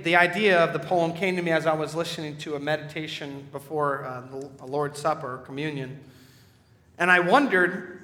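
Male preacher, sermon, measured and reflective, high bright voice, echoey hall. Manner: measured and reflective, with hesitant fillers.

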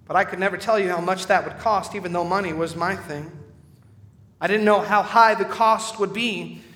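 A man's voice: sits high, fairly even intonation, normal speed, a bit bright, a little hiss or hum. A man voicing Zacchaeus, a repentant tax collector, in an emphatic, rhythmic recital of a poem. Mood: earnest. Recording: echoey hall reverb.

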